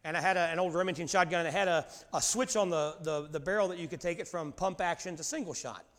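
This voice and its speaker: A middle-aged preacher with a drawl, his voice pitched high for a man. He tells stories with animated swings between loud bursts and hushed confession. His words ring out with a long reverb from a large hall. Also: fast. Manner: animated storytelling, swings from shouting to quiet. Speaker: pastor. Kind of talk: sermon with personal stories.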